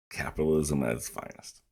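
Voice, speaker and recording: Very deep-voiced rural American reactor. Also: male voice, warm tone. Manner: laid-back, rambling. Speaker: reaction video host. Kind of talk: casual commentary.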